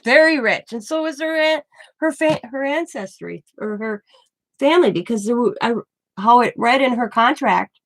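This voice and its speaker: A woman's voice: a little high, animated, normal speed, a little hiss or hum. A woman in her forties hosting a craft channel, telling a story in rambling casual chat, full of restarts and cut-off words. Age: 40s.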